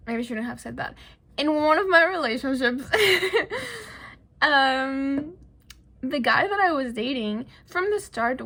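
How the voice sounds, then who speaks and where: Young woman ranting to the camera, english not her first language, a bit high, chatty, laughs a lot. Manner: chatty, animated, laughs often, trails off into whispers. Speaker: vlogger. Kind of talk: casual rant to camera.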